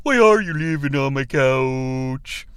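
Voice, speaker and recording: A man putting on a nagging man with a slipping cowboy drawl, talking low and grumbling. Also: animated, extremely slow, a bit bright, clean tone, no room sound, studio quality, exaggerated voice.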